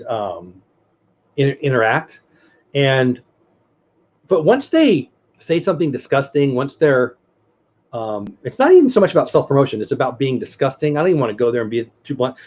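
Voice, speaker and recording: A man's voice: on the high side, slightly rough, muffled recording. A middle-aged man co-hosting a casual livestream chat, earnest and rambling as he reads the chat aloud. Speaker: podcast co-host.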